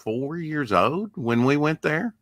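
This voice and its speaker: A man's voice: on the high side, lively intonation, takes it slowly, fairly bright tone, dry recording, studio quality. A man in his fifties hosting a casual live chat, rambling and talkative. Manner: chatty, rambling storyteller. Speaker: livestream host.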